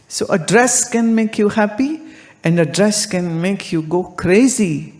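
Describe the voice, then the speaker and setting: A woman giving a spiritual discourse, deliberate and full of anecdotes and rhetorical questions. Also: mid-range voice, darkish tone. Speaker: spiritual teacher.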